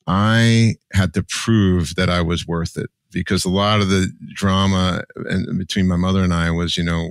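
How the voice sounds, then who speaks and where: A man's voice: sits low, steady tone, moderate pace, hardly any pauses, no room sound. A man in his sixties from New Jersey, a podcast guest telling his life story candidly and with emotion. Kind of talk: personal storytelling.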